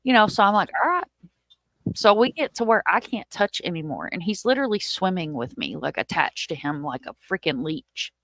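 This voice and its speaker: Woman, casual storytelling, animated, curses freely, dry close sound. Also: fairly low pitch, a little fast, no room sound. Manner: animated, swearing, acts out quotes in a raised voice. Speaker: live chat host.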